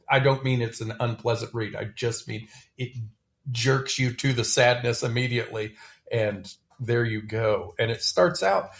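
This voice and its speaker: A man with a gravelly, creaky voice talks about a poem he likes, sliding up high when he gets excited and tripping over restarts as he goes. His tone is casual and chatty. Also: unhurried. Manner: animated, stammering restarts, chuckling. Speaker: poetry podcast host.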